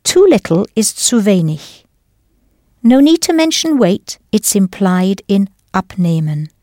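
A woman leading a scripted audio language lesson, explaining patiently and deliberately into a close studio mic. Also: medium pitch, lively intonation, mellow, dry recording. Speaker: language teacher.

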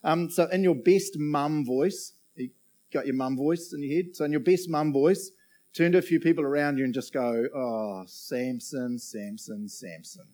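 This man's voice is on the high side yet dark in tone, moving at normal speed. He preaches informally, joking and engaging the crowd after nearly each point he makes.

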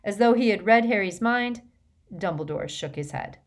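A woman reading an audiobook with steady, expressive narration. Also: medium pitch, moderate pace.

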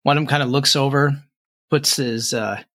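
A man narrating as game master, halting with fillers and restarts as he describes the scene. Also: mid-range voice, fairly even intonation, fairly bright tone, no room sound, studio quality.

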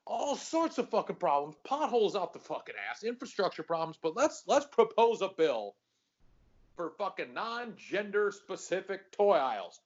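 A podcast co-host with a high, husky, very animated voice talks at normal speed on dull-sounding audio. Worked up, he rants profanely through casual chat, swearing a lot.

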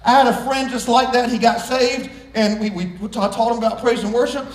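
A man preaching a sermon to a congregation, joking and swinging from hushed asides to loud shouts. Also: very high voice, fairly quick, recorded from a distance. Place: church sanctuary. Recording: echoey room, voice from off-mic.

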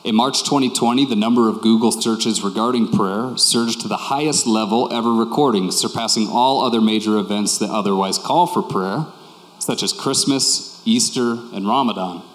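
Low-voiced man preaching in an echoey hall. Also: moderate pace. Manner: conversational and candid, repeating key phrases. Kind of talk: sermon. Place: church hall with congregation. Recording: echoey hall with long reverb.

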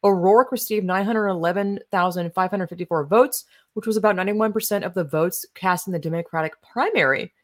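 A woman's voice: medium pitch, a little fast, few pauses. A woman hosting casual political commentary, reading out articles and reacting in a blunt, sarcastic, profane way.

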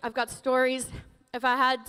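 A woman pastor preaching a sermon in a church, emotional and animated, laughing often as she tells stories. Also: high-pitched, normal speed, clean tone, in a large hall. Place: church sanctuary.

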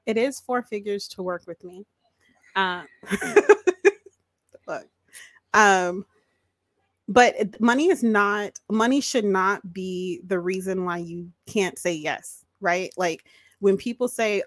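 A woman's voice: medium pitch, expressive, slow, no room sound. A woman guesting on a podcast in casual chat, talking directly and laughing often. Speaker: podcast guest, business owner.

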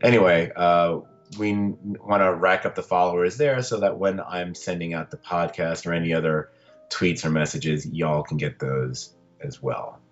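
Podcast host, male, deep and unhurried, loose and rambling, slightly muffled recording. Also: fairly even intonation, soft background music. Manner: rambling, laid-back, with restarts. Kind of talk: casual podcast chat.

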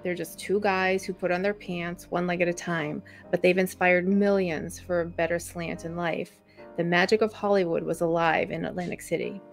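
A woman's voice: fairly low pitch, fairly even intonation, normal speed, soft background music. A woman reading a first-person memoir chapter aloud as a podcast co-host.

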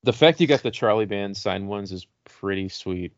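A man's voice: on the low side, normal speed, no echo, muffled recording. Laid-back man rambling about collectibles. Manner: relaxed, rambling with many "like" fillers. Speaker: podcast co-host. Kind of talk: casual chat about horror toys.

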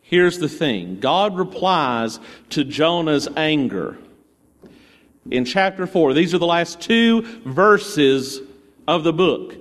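A man's voice: on the high side, animated, takes it slowly, long reverb tail. A male pastor preaching a sermon in a conversational storytelling way, with playful asides, in a church.

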